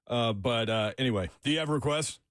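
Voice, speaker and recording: A man hosting sports talk radio, excitable and quick to get worked up, laughing often. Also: medium pitch, no room sound, studio quality. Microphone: studio microphone.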